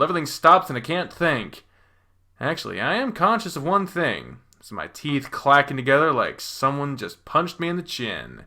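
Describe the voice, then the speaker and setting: Bright, lively-voiced man reading a game. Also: mid-range voice, moderate pace. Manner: expressive, swearing, swings between hushed and loud. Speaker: reader voicing a visual novel. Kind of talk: first-person dramatic game reading.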